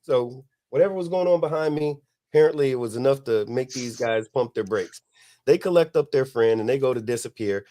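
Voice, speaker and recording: A middle-aged man, hosting a podcast and telling a long, profane story in a relaxed way, laughing as he goes. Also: medium pitch, brisk. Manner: laid-back, profane, laughs at his own story. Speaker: podcast host. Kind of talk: casual storytelling.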